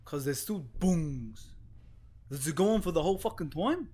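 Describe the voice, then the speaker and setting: A young man talks through a horror game in a light, fairly high voice that swings widely in pitch. He mutters nervously, then yelps and swears when he is startled, and he keeps mocking himself. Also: lively intonation, moderate pace, mellow, slightly rough. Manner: jumpy, swearing, nervous self-mocking, shifting between muttering and panicked yelps. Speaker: gaming YouTuber. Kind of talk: horror game let's play commentary.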